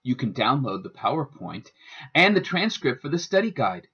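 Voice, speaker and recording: A man giving a scripted instructional narration as a student presenter, with a careful, deliberate teaching delivery. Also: mid-range voice, big pitch swings, bright, forceful tone, breathy edge. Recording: dull lo-fi voice-over.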